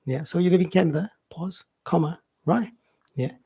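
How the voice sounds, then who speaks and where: A man teaching an English grammar lesson in a casual way, repeating example sentences and filling pauses with "yeah" and "um". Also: on the high side, mellow, breathy edge.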